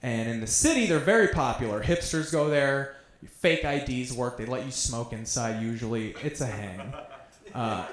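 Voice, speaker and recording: A man's voice: medium pitch, expressive, moderate pace, slight background noise. A man doing a stand-up set, telling crude stories in a conversational way. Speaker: stand-up comedian. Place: comedy club stage. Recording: roomy club sound.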